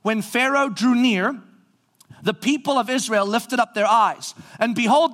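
A man preaching a sermon, animated, acting out the people's voices and rising to shouts. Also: very high-pitched, moderate pace. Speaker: pastor.

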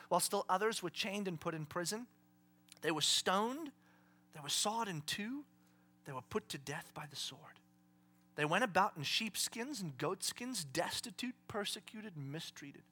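Male pastor, high and bright, dramatic sermon delivery from whisper to shout. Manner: swings from hushed whispers to shouted exclamations; dramatic, acts out voices of people in his stories.

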